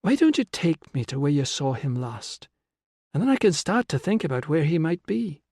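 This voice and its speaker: A male narrator voicing a calm, resolute young woman who coaxes a frightened boy, with a gentle, patient manner, in a dry close studio sound. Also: on the high side, moderate pace, dry recording, pitched above the performer's own voice. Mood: coaxing. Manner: gentle, coaxing. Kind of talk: audiobook character voice.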